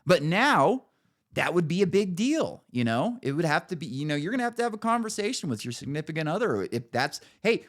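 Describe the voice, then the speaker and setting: Middle-aged man, podcast host, crude and mocking, swinging pitch. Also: sing-song, fairly quick. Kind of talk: casual chat.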